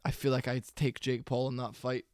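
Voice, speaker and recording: Tired man with a smooth voice. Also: level tone, fairly quick, darkish tone, dry recording, studio quality. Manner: low-energy, tired, rambling with fillers and swearing. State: sleepy, worn out. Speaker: MMA reaction channel host. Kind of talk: casual reaction commentary.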